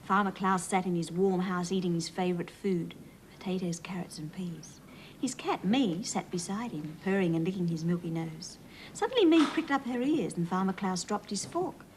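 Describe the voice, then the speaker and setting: An Australian woman hosting a children's TV show, reading a storybook aloud and talking gently to young viewers in a sing-song way. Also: fairly low pitch, animated, normal speed, slight background noise, low-quality recording. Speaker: children's TV host.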